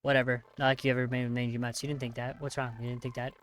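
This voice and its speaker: Talking fast in a flat, mid-range voice with slight background noise, a video game player reads a text horror game aloud. The narration is sarcastic, skimming with "blah, blah" and greeting each choice with mock outrage.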